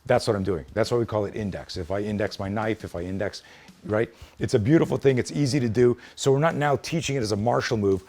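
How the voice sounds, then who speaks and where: A man's voice: fairly low pitch, quick pace, a little mellow. A man teaching self-defense in a hands-on demonstration, blunt and emphatic with plenty of swearing.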